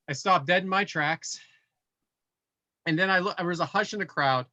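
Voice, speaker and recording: A middle-aged man co-hosting a podcast, telling a casual story with animated build-ups and voiced quotes. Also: sits high, moderate pace, pauses often, dry recording. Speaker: podcast co-host.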